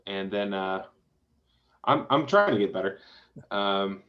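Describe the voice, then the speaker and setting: A man's voice: on the low side, lively intonation, slow, dull audio. A man reviewing a website aloud in casual, encouraging feedback, thinking through each suggestion as he goes, heard over a video call. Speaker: web design reviewer.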